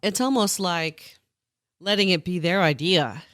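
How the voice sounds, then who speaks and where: A woman's voice: fairly low pitch, unhurried, a bit bright, no echo, studio quality. A woman hosting a podcast interview, reacting with short "oh"s and asking follow-ups in a casual chat. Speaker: podcast host.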